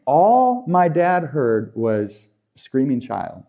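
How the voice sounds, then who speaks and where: A man in his thirties preaches as if talking with friends, circling back and restarting his phrases as he goes. His voice sits at an ordinary middle pitch. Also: wildly swooping pitch, very slow, vocal fry, dark tone, dull audio. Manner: conversational preaching with frequent repeats and restarts, acts out quotes. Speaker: pastor. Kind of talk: sermon.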